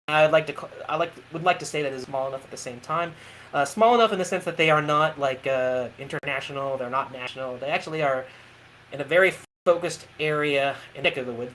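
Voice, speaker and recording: A man's voice: fairly high pitch, a bit bright, a little hiss or hum, rough recording. A man hosting a casual interview over a video call, talking earnestly with many restarts. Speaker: podcast host.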